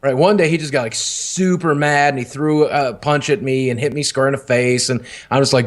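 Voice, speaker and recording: A man's voice: medium pitch, steady tone, a little fast, few pauses. A man, a podcast co-host telling a long candid story in casual, rambling, profane talk.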